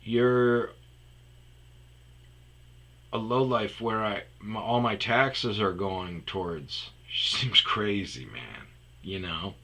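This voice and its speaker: A man's voice: on the low side, slow pace, pauses often, pushed and bright. A man telling a rambling comedic story about a phone call, often dropping into muttered asides. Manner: rambling, restarts, drops to muttered whispers.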